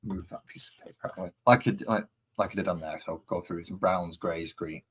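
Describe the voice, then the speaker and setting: A man's voice: low voice, fairly even intonation, fast, a bit bright, a little hiss or hum. A man with a West Midlands accent, chatting casually and rambling with self-mockery while he sets up and paints on a live stream. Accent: West Midlands English.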